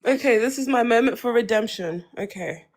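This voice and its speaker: A woman from Australia chatting casually on a live stream panel. She is giggly and self-conscious, and her voice sits a little high. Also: a little fast.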